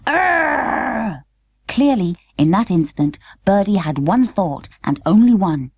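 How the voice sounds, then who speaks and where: A woman narrating an unabridged children's book in clear, measured storytelling. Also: fairly low pitch, expressive, warm tone, dry recording. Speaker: audiobook narrator. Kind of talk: scripted narration.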